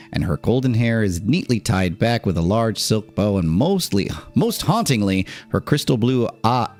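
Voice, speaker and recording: A man's voice: on the low side, a little mellow. A man streamer reading an article aloud on a live stream, with casual asides and laughs in between.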